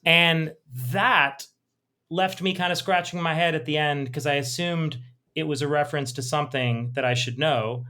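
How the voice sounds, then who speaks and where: A man co-hosting a casual podcast chat, talking in an animated way and reading passages aloud from a book. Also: fairly high pitch, normal speed. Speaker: podcast co-host.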